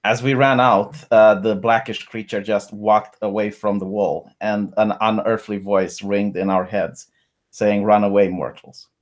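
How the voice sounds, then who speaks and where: A man playing a tabletop game, recounting events in character in an earnest, halting way with many "uh"s. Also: lowish voice, level tone. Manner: earnest, hesitant storytelling with many "uh"s.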